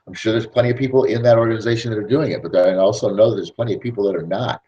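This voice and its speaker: A man hosting a network marketing podcast, talking in an animated, persuasive casual monologue. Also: fairly low pitch, very fast, muffled recording. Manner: animated, persuasive, acts out scenes.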